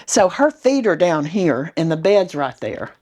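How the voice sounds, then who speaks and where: A woman from Arkansas, telling a memory in an interview in a halting, vivid way with restarts. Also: on the low side, sing-song, darkish tone.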